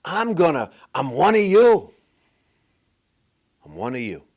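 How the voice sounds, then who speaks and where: A man's voice: on the high side, lively intonation, unhurried. A man doing a mocking, exaggerated impression of a female politician who is faking a folksy accent. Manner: exaggerated, sarcastic.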